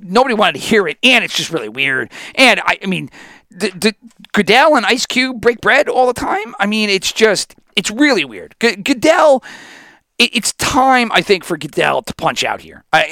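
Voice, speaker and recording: Animated, cursing male sports podcaster. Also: fairly high pitch, creaky, dry recording, studio quality. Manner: profane, rambling, animated, with many restarts. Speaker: podcast host. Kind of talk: casual sports podcast monologue.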